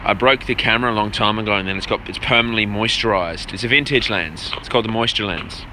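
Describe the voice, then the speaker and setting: A breathless man from Jordan talks loosely into a phone at arm's length, swearing freely and shouting out viewers by name as he rambles. His voice is sharp and very bright. Faint street noise hums behind him in the city. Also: fairly low pitch, fast talker. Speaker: vlogger answering live chat. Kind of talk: casual livestream chat. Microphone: phone held at arm's length.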